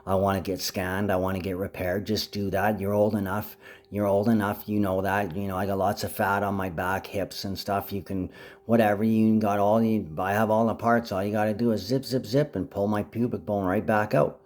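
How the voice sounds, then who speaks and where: With a level, darkish tone at normal speed, a man delivers a rambling vlog monologue to the camera. He jumps between topics and addresses his mother, his pitch rising suddenly.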